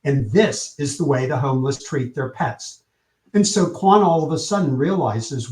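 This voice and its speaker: Energetic storytelling man, echoey room. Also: medium pitch, normal speed. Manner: energetic, acts out quotes with lively shifts in tone. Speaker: publicist, podcast guest. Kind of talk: animated storytelling in an interview.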